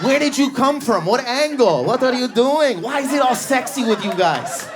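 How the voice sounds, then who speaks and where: A man's voice: very high-pitched, animated, normal speed, crowd noise, pitched above the performer's own voice. A comedian putting on a flamboyant, nosy man firing off prying questions, in a live club recording with audience laughter.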